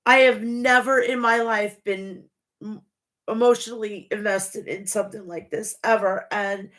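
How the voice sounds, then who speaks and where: Tearful forties woman vlogger, unhurried delivery, sharp bright voice, swears freely. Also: medium pitch, steady tone. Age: 40s. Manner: emotional, profane, gushing. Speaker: wrestling show reviewer. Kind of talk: casual review vlog.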